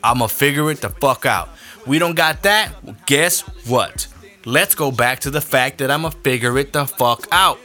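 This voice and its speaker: A man's voice: medium pitch, normal speed, pushed and bright, soft background music. A young adult man hosting a podcast, ranting his opinions bluntly with heavy profanity. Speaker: podcast host.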